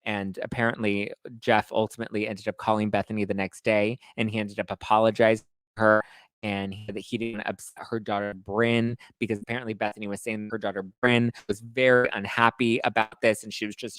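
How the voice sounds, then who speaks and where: A man's voice: on the low side, a little fast, clear, resonant tone, no echo. Chatty gossiping male show host, dry sound. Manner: gossipy and animated, full of slang. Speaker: host of a reality TV gossip livestream and podcast. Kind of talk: casual chatty pop-culture recap.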